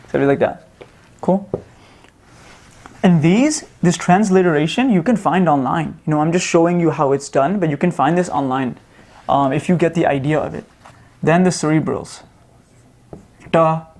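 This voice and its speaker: A man teaching a lesson in a relaxed, casual way, sounding out letters slowly and often asking "right?" to check in. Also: a little high. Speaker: Sanskrit teacher.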